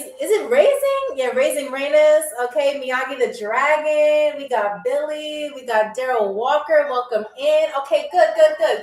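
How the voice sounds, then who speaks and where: Female game show host for a live stream, high voice, chatty, recorded a little far off the mic in an echoey room. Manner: chatty, greets viewers by name. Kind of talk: live-stream trivia hosting. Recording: roomy echo, distant mic, faint music. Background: faint music from a DJ.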